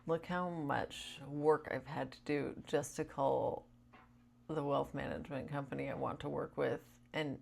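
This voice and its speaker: A woman's voice: low-pitched, fairly even intonation, measured pace, vocal fry, a little mellow. A woman vlogger chatting casually to camera in a rambling way, with lots of "like" fillers.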